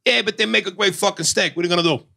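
A man's voice: high voice, lively intonation, very fast, vocal fry, sharp tone, husky, raised voice, pitched above the performer's own voice, exaggerated voice. A man putting on a blunt, shrugging Italian-American man.

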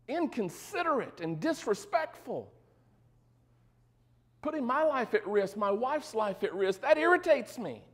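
A man with a high voice preaches to his congregation in an easy, conversational way. He mixes joking asides into the teaching and keeps checking that his listeners are following him. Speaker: pastor. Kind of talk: sermon.

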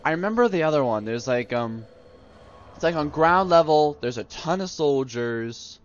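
A man's voice: fairly high pitch, lively intonation, normal speed, muffled recording. A man hosting a let's play, rambling and sarcastic in his gameplay commentary. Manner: sarcastic, rambling, easily annoyed.

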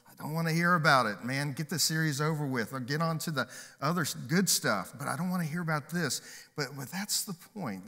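A man's voice: medium pitch, pushed and bright. A man preaching a sermon from a church stage as pastor, upbeat and emphatic, slipping in jokes. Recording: long hall reverb.

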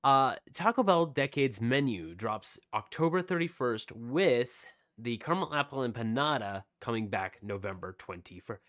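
A man's voice: medium pitch, expressive, moderate pace, hardly any pauses, a bit bright. Rambling male podcast co-host. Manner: rambling, reads out release dates with many fillers. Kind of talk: casual chat.

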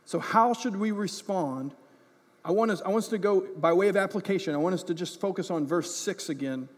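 Earnest pastor guy preaching, kinda husky voice, big echoey church hall. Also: high voice, brisk. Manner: impassioned, repeats words when stressing a point. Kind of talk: sermon.

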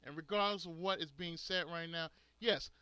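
Swearing and furious, this male gaming video host unloads on his subscribers with heavy emphasis. He speaks at a moderate, steady pace in a forceful, bright voice on the high side, captured clean and dry.

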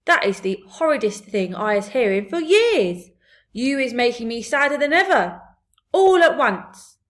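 Storybook giant, male, old, kindly, jumbled grammar, high and loud; a woman reader puts him on. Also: sing-song, a little slow. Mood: indignant. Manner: muddled grammar, warm-hearted exclamations.

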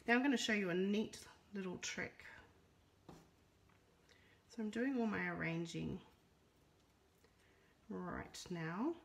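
Australian woman, middle-aged, chatty craft demonstrator, bit of fry, phone mic. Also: medium pitch, takes it slowly, pauses often, slight background noise. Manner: chatty, reads out viewer comments. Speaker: papercraft demonstrator. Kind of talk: casual live crafting demo.

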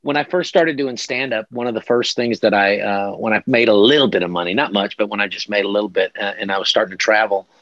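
A comedian from Texas with a Texan accent, telling jokey anecdotes in a casual interview over a video call. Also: male voice, lowish voice, fast, few pauses, no room sound, highs cut off. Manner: joking, animated anecdotes with laughs. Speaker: comedian guest.

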